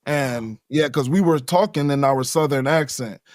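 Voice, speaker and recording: Brief: easygoing man guest, mid-pitched, rambles and chuckles, dry close sound. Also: moderate pace, darkish tone, dry recording. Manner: casual, laughing, rambling. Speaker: interview guest. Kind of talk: casual interview.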